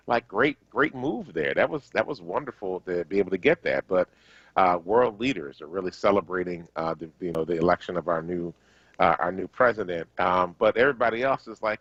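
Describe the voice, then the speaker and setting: A man hosting a talk radio show, talking in a halting way with many fillers and restarts. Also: on the low side, lively intonation, a bit bright, no echo. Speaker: radio host. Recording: dull lo-fi radio stream.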